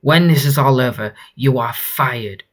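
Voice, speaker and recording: A man's voice: mid-range voice, measured pace, fairly bright tone. A man voicing an arrogant male bank manager from a comic who berates his staff curtly. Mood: scornful. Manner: curt, contemptuous, berating.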